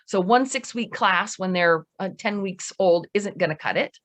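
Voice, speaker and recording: A middle-aged woman, a dog trainer giving a seminar lecture, lively and emphatic, speeding up when she gets going. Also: medium pitch. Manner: lively, emphatic, talks fast at times.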